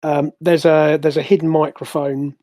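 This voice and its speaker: A man narrating as game master of a tabletop game, in a halting way with many restarts. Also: on the high side, level tone, warm tone, dry recording. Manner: halting, full of fillers and restarts.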